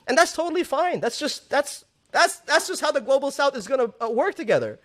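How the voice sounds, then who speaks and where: A man in his thirties from Southeast Asia, a podcast guest talking in an animated, casual way and often repeating words as he builds a point. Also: very high voice, brisk. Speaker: podcast guest, music label owner. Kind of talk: casual conversational interview.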